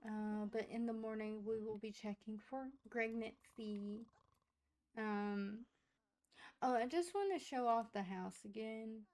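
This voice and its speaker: Slow-talking woman narrating her game. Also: a little high, darkish tone. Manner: chatty, talks to her game characters. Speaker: gaming streamer. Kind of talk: casual let's-play narration.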